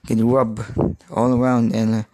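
A man in his thirties, from the Philippines, hosting a solo podcast in a halting, rambling way, often restarting as he searches for words. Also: mid-range voice, flat delivery, a little mellow, no room sound. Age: 30s. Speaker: podcast host.

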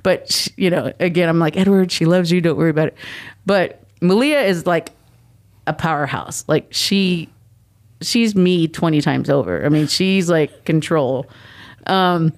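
A middle-aged woman sits in as an interview guest, recounting family stories. Her telling is animated, and she slips into the voices of the people she quotes as she goes. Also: deep voice, a little slow. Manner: animated, acts out quoted dialogue. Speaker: guest, mother of the athlete. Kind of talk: casual interview storytelling.

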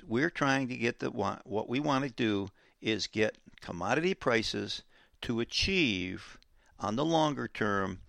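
Male finance host, gravelly voice, dry studio sound, emphatic explainer who lingers on key words. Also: mid-range voice, fairly bright tone, dry recording. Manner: emphatic, repeats key words slowly for effect. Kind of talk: explanatory talk show monologue.

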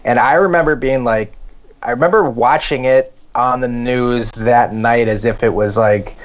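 A man's voice: medium pitch, moderate pace. A man co-hosting a comedy podcast, telling rambling stories in a loose, casual way. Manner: rambling, animated storytelling with fillers. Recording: dull lo-fi podcast audio.

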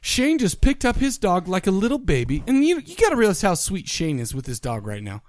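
A man's voice: sits high, huge pitch swings, a little fast, a little mellow, no room sound, studio quality. A man co-hosting a podcast, joking and rambling through casual banter and play-by-play. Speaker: podcast co-host.

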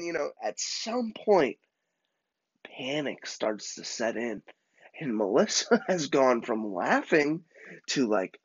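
A man casually telling a comic story about his childhood, in an animated, self-mocking way. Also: medium pitch, dry recording, muffled recording.

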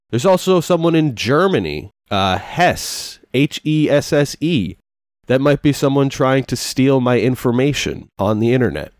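A man's voice: medium pitch, dry recording, studio quality. Profane, rambling male podcast host. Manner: loose, profane, self-deprecating. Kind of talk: casual rambling monologue.

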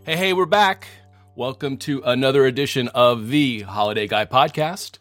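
Male podcast host, deadpan know-it-all, dry close mic. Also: medium pitch, normal speed, no echo, faint music behind. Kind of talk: casual comedic chat.

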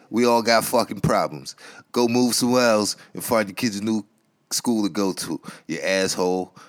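A man's voice: on the low side, no echo, studio quality. A middle-aged man hosting a podcast, delivering a crude, mocking rant full of insults and sometimes mimicking callers in a whiny tone. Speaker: podcast host. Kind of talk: profane comedic rant.

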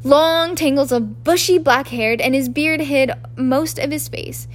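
A woman reading a book aloud as an amateur narrator, in a halting way with frequent restarts. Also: sits high. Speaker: audiobook narrator. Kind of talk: audiobook reading.

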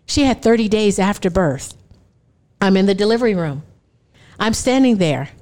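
A woman's voice: mid-range voice, normal speed. A woman in her forties tells a personal testimony to an audience. She acts out the dialogue and often laughs between lines. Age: 40s. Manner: animated storytelling, acting out dialogue.

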